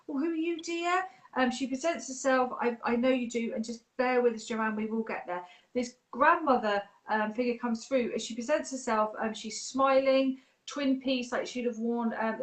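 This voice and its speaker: A woman's voice: a little high, low-quality recording. Reassuring woman medium. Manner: gentle, reassuring, adds okay to her advice. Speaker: psychic medium. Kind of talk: live spirit reading.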